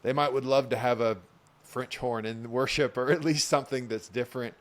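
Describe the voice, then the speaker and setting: A man's voice: medium pitch, fairly even intonation, fairly quick. A man hosting a podcast interview, reacting with affirmation and laughing along with his guest. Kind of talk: conversational interview.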